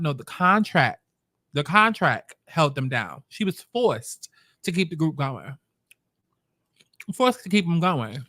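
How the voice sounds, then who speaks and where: A man with a slightly high voice gives blunt, sassy reaction commentary. He talks while he eats. The sound is close and dry. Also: big pitch swings, measured pace, sharp tone, dry recording. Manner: eating while talking. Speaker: commentary host.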